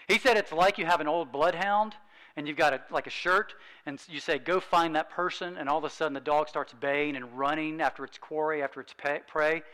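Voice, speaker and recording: Guy giving a sermon, bright slightly high voice, earnest, slows down on scripture. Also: poor audio. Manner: earnest, emphatic, slows down for scripture, drops soft for key points. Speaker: preacher.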